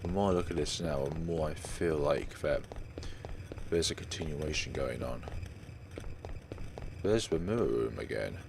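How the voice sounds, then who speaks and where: A man's voice: very deep voice, animated, measured pace, creaky, pauses often, noisy background. A man hosting a let's play, musing aloud as he plays and reading the dialogue aloud. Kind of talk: game commentary.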